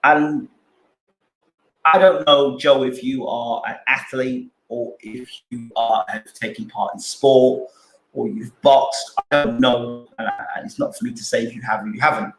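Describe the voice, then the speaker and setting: A man's voice: mid-range voice, steady tone, a little slow, reverberant, faint music behind, rough recording. A man hosting a boxing channel live stream, arguing his points with repeated rhetorical questions and answering chat.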